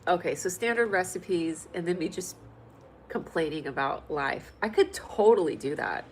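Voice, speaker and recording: A lowish-voiced comedy livestream host from California talks at normal speed, reading viewer comments and chatting in a playful, joking style that turns lively and loud at moments. Slight background noise runs through the low-quality recording.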